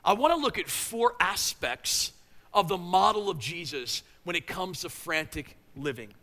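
A man's voice: high-pitched, animated, unhurried, bright, forceful tone, in a large hall. A man preaching a sermon in a conversational, emphatic way, often repeating his phrases. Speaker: pastor.

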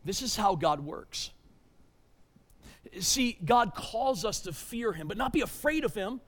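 A pastor with a high, ringing voice delivers a sermon, pressing points with loud urgency before dropping to hushed tones. His speech is expressive and measured, though he stumbles into repeated words when restarting a thought. Long reverb from a large church hall fills the sound.

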